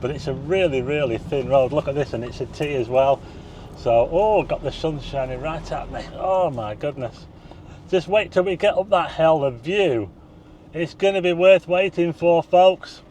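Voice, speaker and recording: An older man on a driving-then-hillside-walk vlog chats casually to viewers, exclaiming and getting out of breath. His voice is fairly high and darkish, with a little hiss or hum in the audio.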